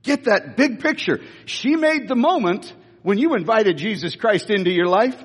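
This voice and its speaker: This preacher sits high in pitch, speaks at a normal speed, and sounds slightly rough. He's animated and emphatic, often restarting his phrases, and the big hall gives his sermon a long reverb.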